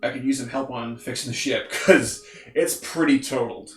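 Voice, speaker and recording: A man voicing a kindly ship cook, bright and echoey. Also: mid-range voice, recorded from a distance, close to an everyday voice. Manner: easygoing, halting, fond. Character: friendly male ship cook and mechanic. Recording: echoey room, faint noise.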